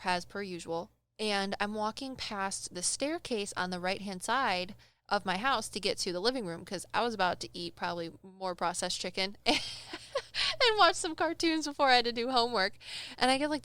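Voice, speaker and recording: A young woman casually telling a personal story on a podcast, animated and acting out the people she quotes. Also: medium pitch, normal speed, clean tone. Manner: animated, acts out quoted voices, laughs often. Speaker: medium telling stories on a podcast.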